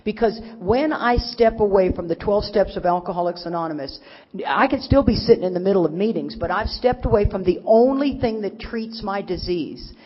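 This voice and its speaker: A middle-aged woman from Texas giving an animated, folksy recovery talk to a crowd, teasing her listeners. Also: medium pitch, moderate pace. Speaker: recovery speaker. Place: large conference hall. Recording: dull recording with long hall reverb.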